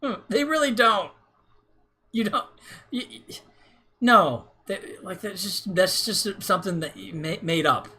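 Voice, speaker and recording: Here a livestream host speaks in a high, bright, forceful voice, pacing himself a touch slowly, with some faint hiss or hum present. His casual rant circles back on itself, studded with "right?" and plenty of profanity.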